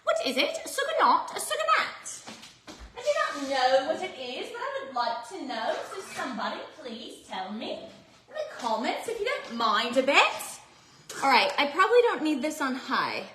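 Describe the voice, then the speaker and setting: Bubbly high-voiced woman. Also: big pitch swings, moderate pace, reverberant, background noise. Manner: bubbly, chatty, talks to viewers. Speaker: cooking vlogger. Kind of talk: chatty cooking live stream. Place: home kitchen.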